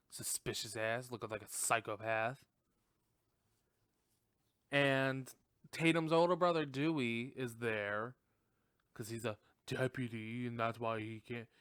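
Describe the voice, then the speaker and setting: Slow, laughing young man recapping a movie. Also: mid-range voice, a bit bright, clear, resonant tone, no echo, clean studio sound. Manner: laughs often, swears, acts out characters' lines; slow, drawn-out delivery with lots of "like". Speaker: podcast host.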